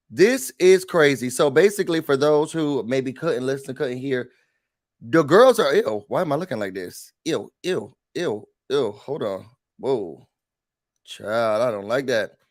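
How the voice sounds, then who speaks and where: A man's voice: medium pitch, lively intonation, measured pace. A man hosting a casual morning commentary show, chatty and joking, acting out little scenes as he talks. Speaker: host.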